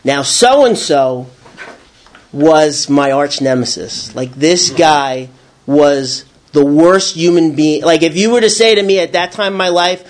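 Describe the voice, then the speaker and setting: A man telling a personal story about his recovery. He rambles, restarts and repeats words, and acts out his own past shouting. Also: fairly high pitch, measured pace.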